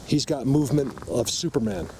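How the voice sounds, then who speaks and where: A man with an average pitch, talking with emphatic insistence straight to his viewers as he films a walk through the woods. His voice comes through a camera mic with clear outdoor noise behind it and a vehicle now and then. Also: animated, fairly quick, darkish tone. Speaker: vlogger, Bigfoot field researcher. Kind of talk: walk-and-talk field vlog. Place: outdoors in a forest. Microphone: camera mic while filming. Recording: outdoor ambience, noisy, faint vehicle.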